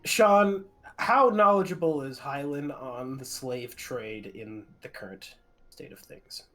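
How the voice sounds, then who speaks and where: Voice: mid-range voice, takes it slowly, fairly bright tone. A player in a tabletop game, asking the game master questions and thinking aloud. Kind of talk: casual tabletop game chat.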